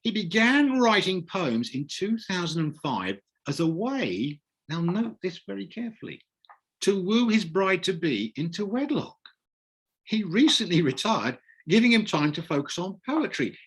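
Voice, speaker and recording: British male host, husky voice with a higher pitch, teasing and jovial. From Britain. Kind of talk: hosting an online poetry reading.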